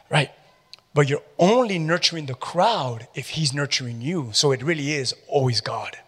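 Pastor guy preaching, fired up, keeps asking the crowd questions, kinda high voice, big hall echo. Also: normal speed, breathy edge. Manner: animated preaching with call-and-response questions to the congregation. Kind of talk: sermon. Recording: long hall reverb.

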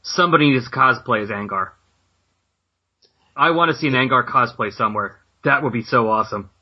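A man's voice: medium pitch, fairly quick, breathy edge, highs cut off. A man co-hosting a podcast, chatting casually and jokingly about comics. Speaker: podcast co-host. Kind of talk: casual chat.

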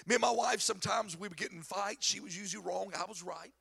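A middle-aged man preaching a sermon in a church, telling stories with animated, shouted emphasis. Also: sits high, quick pace, gravelly, slightly rough. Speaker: pastor.

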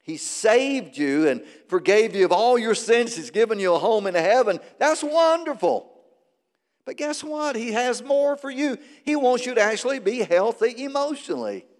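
Animated preaching man in echoing hall. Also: moderate pace. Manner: animated preaching, swinging from loud highs to quiet lows. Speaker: pastor. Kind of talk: sermon. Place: large church hall. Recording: long reverb of a big sanctuary.

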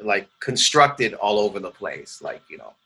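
Ranty, bright-voiced Canadian comedian. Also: male voice, on the low side, big pitch swings, normal speed. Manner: ranty, rambling storytelling with playful put-on voices. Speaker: stand-up comedian, guest. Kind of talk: casual interview chat.

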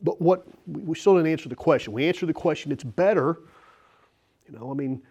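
A man's voice: on the high side, moderate pace. Guy pastor giving a sermon, chatty, reads scripture then gets worked up and laughs at himself. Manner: conversational preaching with self-deprecating asides and laughs; reads scripture aloud, rising animated at personal points.

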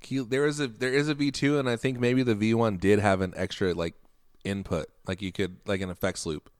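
A man's voice: fairly low pitch, steady tone, brisk, clear, resonant tone, dry recording, studio quality. A man co-hosting a podcast, musing and riffing playfully about guitar gear. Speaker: podcast co-host. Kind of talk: casual podcast banter.

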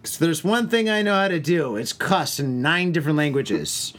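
A man's voice: on the high side, lively intonation, normal speed, a bit bright. A man hosting a casual drinking podcast, telling crude, rambling stories with lots of swearing. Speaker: podcast host. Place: home, indoors.

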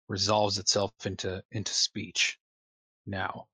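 A man's voice: lowish voice, fairly even intonation, slow pace, a bit bright, husky, no echo. A man running a tabletop game as game master, hesitant with many restarts.

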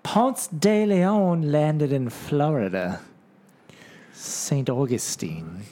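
A man's voice: on the high side, animated, drawn-out words, mellow. A man co-hosting a podcast, tossing in short, offhand questions and remarks in casual chat. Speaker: podcast co-host.

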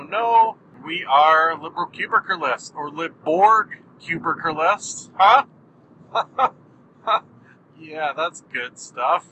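A man's voice: fairly high pitch, bright, forceful tone, a little hiss or hum, low-quality recording. A man hosting his own podcast, rambling in a goofy, jokey way while driving his car. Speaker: podcast host. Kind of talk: casual solo monologue. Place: in a moving car.

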